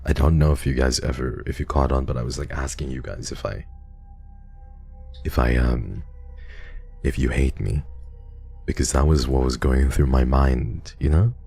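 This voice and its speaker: A man streaming, chatting casually and reading donations with a halting, stammering, heartfelt manner. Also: very deep voice, fairly even intonation, gravelly, dark tone, breathy edge, soft background music.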